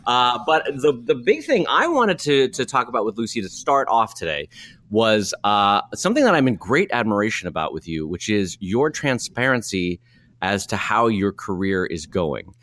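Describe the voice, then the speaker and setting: Bright, lively male podcast host. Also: on the low side, moderate pace. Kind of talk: casual podcast chat.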